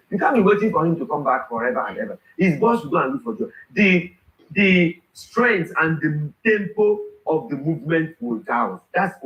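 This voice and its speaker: Nigerian male barrister, animated panel guest, echoey room. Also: fairly high pitch, lo-fi sound. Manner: animated, emphatic, repeats himself. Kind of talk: talk show discussion. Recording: roomy echo.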